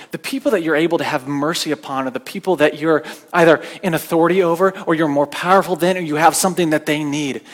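A man preaching a sermon in a conversational, storytelling way, often restarting his words. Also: a little high. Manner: conversational, anecdotal, repeats words when restarting. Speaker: pastor.

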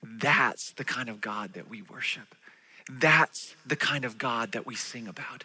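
A man preaching a sermon, telling stories with animated delivery and acting out the voices of the people in them. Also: medium pitch, normal speed, breathy edge. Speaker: pastor.

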